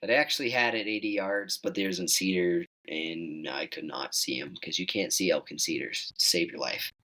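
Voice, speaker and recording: Teen male guest, lowish voice, animated storyteller who jumps up in pitch for quoted lines. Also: normal speed, rough recording. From Wyoming. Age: teens. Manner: animated, acts out quoted dialogue in higher voice. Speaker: guest hunter. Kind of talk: casual storytelling.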